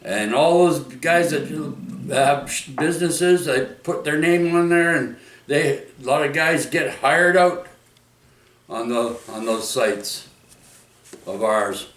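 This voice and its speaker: A middle-aged man from Vancouver, Canada, vlogs from home, rambling slowly and loosely through his stories with frequent restarts and interjections like "oi" and "right?". His voice sits on the high side with a fairly bright tone. Because the mic is distant, the room lends an echoey sound.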